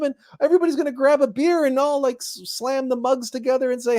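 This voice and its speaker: A man hosting a spiritual talk show, speaking in a monologue that grows animated as he acts out imagined people. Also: extremely high pitch, fast, few pauses. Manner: animated storytelling, acting out imagined people in raised voices. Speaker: host.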